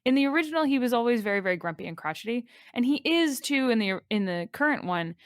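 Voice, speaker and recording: A woman's voice: fairly high pitch, lively intonation, fast talker, no echo, clean studio sound. Enthusiastic woman chatting as a guest. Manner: enthusiastic, rambling with many fillers. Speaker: podcast guest. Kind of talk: casual chat.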